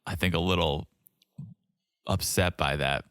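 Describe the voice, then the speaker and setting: A man's voice: deep voice, a little slow, no echo, clean studio sound. A man co-hosting a podcast, retelling reality-TV scenes in a casual, playful way. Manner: animated, playful storytelling. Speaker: podcast co-host. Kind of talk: casual reality-TV recap chat.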